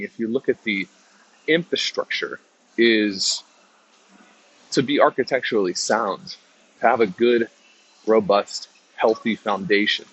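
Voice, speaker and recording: Husky-voiced man hosting a casual talk. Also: on the low side. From American South. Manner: loose, rambling, with many restarts and fillers. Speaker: podcast host. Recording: dull lo-fi recording.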